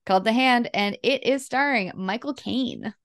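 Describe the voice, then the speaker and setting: A woman with a fairly high, somewhat bright voice co-hosts a casual movie podcast at a moderate pace. The recording is dry and studio-clean. She rambles, laughs often, and fills her talk with fillers and restarts.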